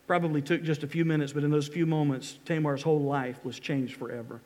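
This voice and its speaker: A man's voice: on the high side, fairly even intonation, a little fast, a little mellow. A middle-aged man preaching a sermon as pastor, reading scripture with dramatic emphatic pleas.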